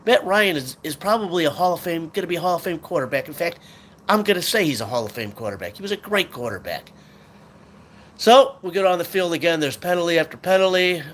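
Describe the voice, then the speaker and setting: A man's voice: a little high, lively intonation, fast talker, a bit bright. A man hosting a sports talk show, venting in an angry, swearing rant about his team. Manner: frustrated, swearing, ranting fan.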